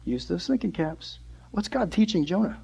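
Brief: young male youth pastor, lively, chatty sermon, bright high voice. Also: moderate pace, creaky, breathy edge. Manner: animated, conversational preaching.

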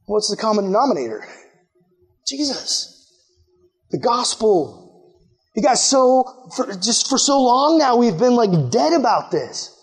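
A young man preaching a sermon as a youth pastor, energetic and excitable, acting out quoted voices as he goes. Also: very high-pitched, moderate pace, husky.

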